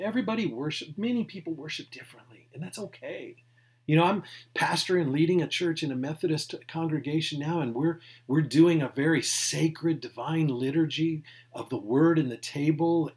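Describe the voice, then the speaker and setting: A man, a pastor, preaching a sermon in a conversational way, stressing key words and dropping to near-whispered asides. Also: medium pitch. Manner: emphatic, swinging from loud to near-whispered asides; conversational, with restarts and small laughs.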